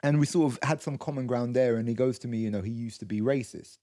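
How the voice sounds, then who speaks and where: A man's voice: mid-range voice, fast, mellow. A man co-hosting a podcast, telling a long story with lots of restarts, quoted voices and swearing. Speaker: co-host. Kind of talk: casual storytelling chat.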